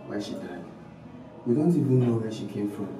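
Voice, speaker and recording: Guy playing a calm doctor, low voice, far echoey room, music under. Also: normal speed, close to an everyday voice. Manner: calm, explaining. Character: calm sympathetic palace doctor.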